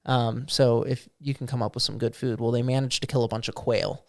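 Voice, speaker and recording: A man casually recounting his tabletop game session as game master, slipping in quick voiced quotes of goblins and players. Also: medium pitch, fairly even intonation, vocal fry. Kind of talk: casual chat.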